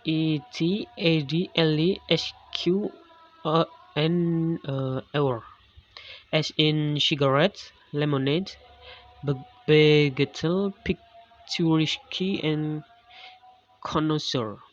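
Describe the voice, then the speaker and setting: A man's voice: a little high, steady tone, slow pace. A man reading a lesson on English word stress aloud, with frequent restarts on words. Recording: dull lo-fi recording.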